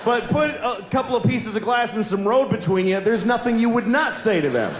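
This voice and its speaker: A man doing a stand-up routine, ranting at himself in an exasperated, self-mocking way, bursting into yells. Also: high voice, expressive, brisk. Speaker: stand-up comedian. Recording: echoey room with loud ambient noise.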